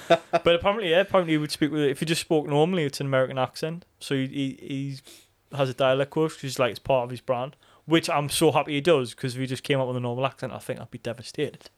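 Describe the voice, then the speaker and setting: A man co-hosting a podcast in casual chat, animated, swearing freely and laughing often. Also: mid-range voice, fast. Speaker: podcast co-host.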